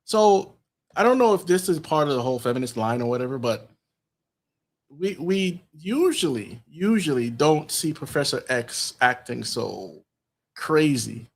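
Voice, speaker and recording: Here a podcast host with a higher-leaning, animated voice and vocal fry talks at a measured pace. He narrates a movie's story in a relaxed way, voicing its lines himself, with fillers scattered throughout.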